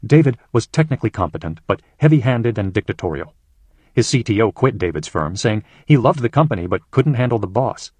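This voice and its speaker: A man reading his own case story aloud as audiobook narration, with a measured delivery and a husky voice. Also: fairly low pitch, no echo.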